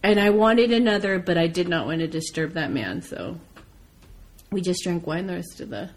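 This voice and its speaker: American woman, casual chat, animated storytelling, swears freely. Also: fairly low pitch, moderate pace. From United States.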